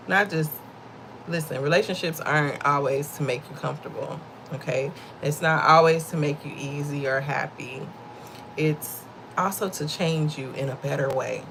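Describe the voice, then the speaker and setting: Low-pitched and gravelly, this middle-aged livestream host speaks at a normal speed over background noise. She gives her viewers a casual, somewhat preachy faith talk, often laughing and addressing them as y'all.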